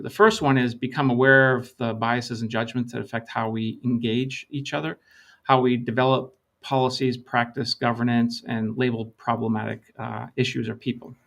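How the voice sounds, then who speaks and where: Brief: gravelly middle-aged consultant guest, measured, explains through anecdotes. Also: male voice, mid-range voice, fairly even intonation, a bit bright. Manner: measured, storytelling with quoted dialogue. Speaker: lean consultant, interview guest.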